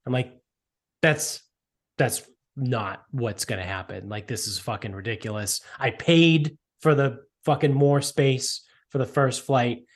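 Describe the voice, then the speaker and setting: A man's voice: medium pitch, a little slow. A man casually telling a rambling, profane story about an airport mix-up, full of asides and filler words. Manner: profane, rambling, animated retelling. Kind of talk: casual chat.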